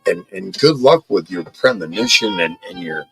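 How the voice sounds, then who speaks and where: A low-voiced, blunt, defiant man. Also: animated, moderate pace, creaky, fairly bright tone, slightly rough, faint music behind, poor audio. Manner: blunt, defiant, heavy swearing, stammering restarts. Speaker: podcast host. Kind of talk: casual chat.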